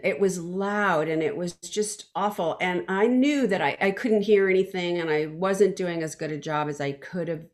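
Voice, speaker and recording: A woman singer telling her story in an interview, acting out quotes, with many fillers and restarts. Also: fairly low pitch. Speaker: guest, backing vocalist.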